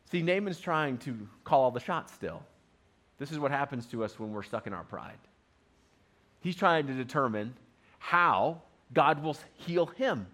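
A man's voice: medium pitch, lively intonation, normal speed, a bit bright. A man preaching a sermon in a conversational, storytelling manner. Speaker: pastor.

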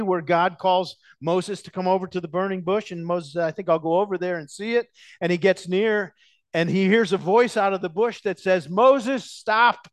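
A male pastor delivering a sermon in a somewhat high voice. He preaches with animated emphasis, leaning hard on key words and stretching some of them out slowly. The sound is dry and close, with almost no room around it. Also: no room sound. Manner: animated, emphatic preaching with sudden loud stresses and drawn-out words. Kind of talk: expository sermon.

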